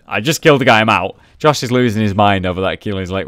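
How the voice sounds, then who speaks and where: Young man, gameplay commentary, low voice, dry close sound, chatty, casual swearing. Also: a little fast, hardly any pauses, fairly bright tone, no room sound. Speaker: gaming video host.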